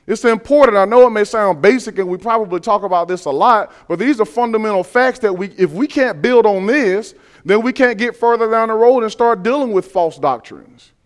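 A male preacher delivers a sermon in a high-pitched, smooth, ringing voice. He speaks emphatically, repeating key phrases and putting rhetorical questions to his congregation.

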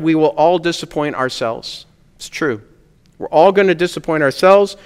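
A man's voice: high voice, smooth, in a large hall. A man preaching a sermon as a pastor, earnest and conversational, rising to emphatic peaks on key points.

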